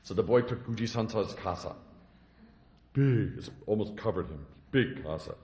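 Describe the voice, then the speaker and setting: A man who is a Zen monk, from the United States, telling a teaching story in simple, animated phrases and acting out the characters. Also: on the low side, normal speed. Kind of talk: dharma talk storytelling. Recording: echoey room.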